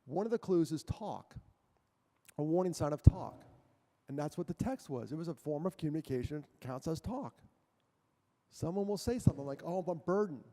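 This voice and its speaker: A middle-aged man talks to an audience in a large hall, his voice echoing with a long tail. His tone is mellow and a bit high for a man. He tells stories in an animated way, acts out quotes and jokes with the crowd. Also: moderate pace, long pauses. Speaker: guest speaker. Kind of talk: motivational talk to an audience.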